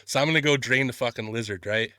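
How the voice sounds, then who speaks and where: A man hosting a podcast, telling stories in casual chat, animated, swearing a lot and laughing often. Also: medium pitch, quick pace, clear, resonant tone, dry recording, studio quality. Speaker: podcast host.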